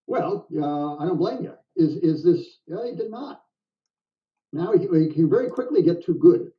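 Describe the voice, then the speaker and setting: Older guy doing chatty jokey game commentary, kinda high voice, muffled lo-fi sound. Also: expressive. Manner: chatty, jokey, quick to laugh. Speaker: backgammon commentator. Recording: dull, distant sound.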